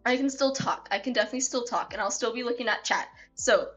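Woman streamer, casual and gushing, repeats herself, pitched a little high. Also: quick pace, faint music behind. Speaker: live streamer. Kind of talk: casual live-stream chat.

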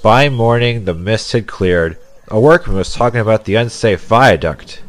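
A man reading a children's story aloud in an even, measured way, with music behind. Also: lowish voice. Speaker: narrator. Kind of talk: storybook narration.

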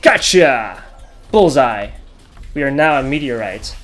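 A man hosting his own gaming channel, talking through his play, yelling and laughing at close calls. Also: medium pitch, very animated, slow, faint music behind. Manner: chatty, talks over his play. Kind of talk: gameplay commentary.

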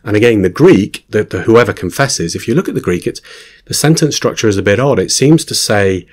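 A man's voice: fairly low pitch, expressive, fairly quick. A man giving a reflective Bible teaching, earnest and thoughtful, often quoting scripture. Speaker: Christian teacher.

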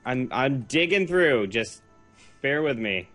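A man's voice: mid-range voice, animated, slow, fairly bright tone. Nasal young New England man, gaming guest, giggly, self-deprecating, faint game music behind. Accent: New England American. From New England, United States. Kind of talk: casual gaming chat.

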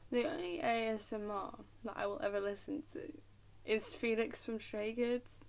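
A young woman with an English accent, chatting casually to camera at home, giggling and dropping into whispers. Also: on the high side. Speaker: vlogger. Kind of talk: casual rambling chat to camera. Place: at home in her room.

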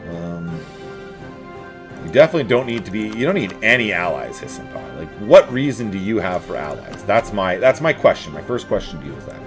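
A man talks his way through a strategy campaign, his voice rising and falling in lively swings. He chats to his troops and enemies with playful asides. Soft music hums faintly underneath. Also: lowish voice, fairly quick. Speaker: let's play host. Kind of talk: casual strategy game commentary.

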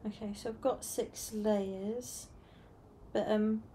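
A woman's voice: mid-range voice, fairly even intonation, slow pace, warm tone, a little hiss or hum. A young woman streaming while she draws, chatting in a rambling, self-correcting way and sounding tired. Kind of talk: casual chat while drawing. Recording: music playing clearly behind.

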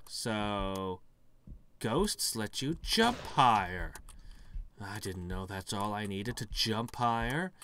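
A man narrating his own gameplay in casual let's play commentary. He talks slowly with a bright, lively tone and slips in wry joking asides. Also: on the low side, slight background noise. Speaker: gaming video host.

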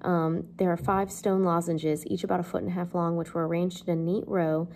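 Woman english teacher, chatty lesson, lotsa ums, low gravelly voice. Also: little pitch movement, a little fast, darkish tone. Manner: chatty, lots of fillers, jokes. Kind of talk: casual literature lesson.

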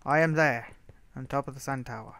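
A man's voice: mid-range voice, a little fast, vocal fry, fairly bright tone. A young man chatting casually while gaming, mostly mumbly and wry, with sudden laughing outbursts. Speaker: gamer. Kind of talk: casual gameplay chat.

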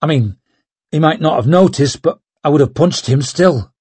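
A chatty, worried young sidekick with a pitched-up, eager voice, put on by a male narrator. husky and dry, read close to the mic in an audiobook. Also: moderate pace, a little mellow, dry recording.

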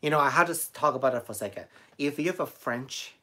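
A man's voice: medium pitch, fast talker, sharp tone. A man with a Chinese accent chats casually through a live stream, answering his viewers one by one. He sounds middle-aged and laughs easily between answers. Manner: chatty, laughs often, reads out viewer comments. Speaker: beauty vlogger answering live chat.

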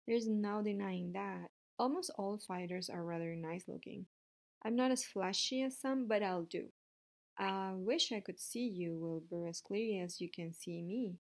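A woman voicing a gentle, wise female spider in a storybook reading. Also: mid-range voice, measured pace, creaky. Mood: kindly. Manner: calm, gently explaining.

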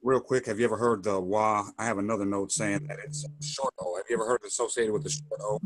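Fast-talking man asking questions on a call. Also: fairly low pitch, steady tone, slight background noise. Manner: quick, tentative questions. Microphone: video call.

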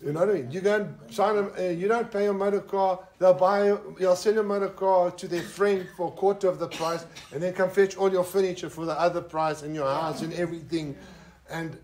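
South African preacher, Afrikaans-speaking man, higher-pitched voice, chatty joking sermon. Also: fairly even intonation, fairly quick, a little mellow. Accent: South African English. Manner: joking, conversational, with asides to the listeners. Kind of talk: informal sermon. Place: fellowship lounge.

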